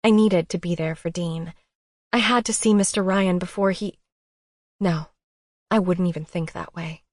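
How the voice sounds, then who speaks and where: A woman narrating a romance audiobook in the first person, expressive and emotional. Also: fairly low pitch, normal speed, pauses often, dry recording, clean studio sound.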